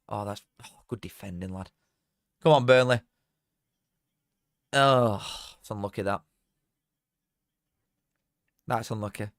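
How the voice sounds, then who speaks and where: A man's voice: mid-range voice, lively intonation, normal speed, long pauses, no room sound, studio quality. A young man, casually commentating on a live match and bantering with chat. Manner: banter with chat, swings from mutters to shouts. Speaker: watchalong streamer.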